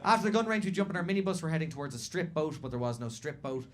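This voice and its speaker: A man's voice: a little high, animated, rapid-fire. A man doing brash, profane stand-up storytelling on a comedy stage. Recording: stand-up set with loud crowd laughter. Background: audience laughter.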